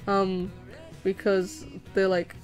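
A young woman reads her stream chat aloud as she draws live, rambling in a bubbly way with frequent giggles and fillers. Her mid-range voice is monotone and she takes it slowly, with faint music behind her.

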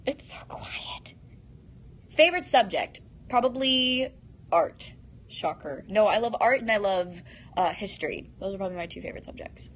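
A woman's voice: medium pitch, expressive, moderate pace. A teenage girl hosting a casual live stream, reading fan comments aloud and answering them in a bubbly, giggly way into a phone.

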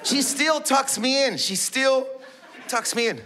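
A man's voice: very high voice, lively intonation, a little slow, pushed and bright, some chatter behind. A male stand-up comedian in his thirties, telling rambling, self-interrupting stories about his mother into a stage mic. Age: 30s.

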